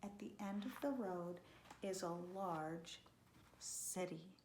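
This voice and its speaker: A woman reading a children's picture book aloud, slow and expressive, sometimes dropping to a whisper. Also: lowish voice, roomy sound, slight background noise. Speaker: storyteller.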